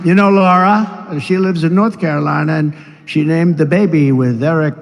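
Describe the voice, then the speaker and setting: A man's voice: fairly high pitch, normal speed. A man in his seventies giving a rambling rally speech, full of asides and mocking impressions. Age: 70s. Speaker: political speaker at a rally. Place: large rally venue. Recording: long reverb of a big venue, faint noise.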